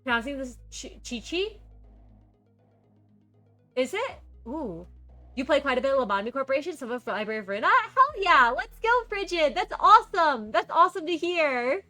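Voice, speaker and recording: Woman streamer, upbeat casual chat, high bright voice, reads chat and welcomes viewers, faint background music. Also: sing-song, normal speed. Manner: bubbly, reads chat messages aloud and greets viewers. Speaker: game streamer.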